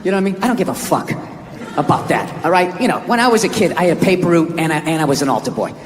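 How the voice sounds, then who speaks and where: A man's voice: fairly high pitch, animated, very fast, very noisy. A man from the United States doing stand-up comedy, ranting and profane in an exasperated way. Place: large theater with a laughing crowd. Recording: echoey live hall, loud crowd.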